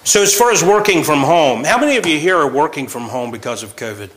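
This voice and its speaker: A man's voice: on the high side, lively intonation, fast, fairly bright tone, poor audio. A man over forty giving an informal sermon, chatty and joking, often laughing between points. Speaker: pastor.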